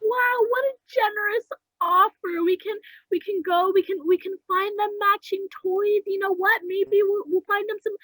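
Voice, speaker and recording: A young woman plays a sweet, doting dog owner who gushes and trips over her words. Her voice is very high, and it sounds dry and close with no room echo. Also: steady tone, fairly bright tone. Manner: halting, repeats words, gushing. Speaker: improv comedy performer.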